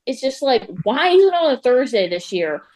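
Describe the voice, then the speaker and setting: A young woman chatting casually as a show guest, talking fast and loose with lots of "like" and frequent laughter. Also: sits high, big pitch swings, a little mellow. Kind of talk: casual chat.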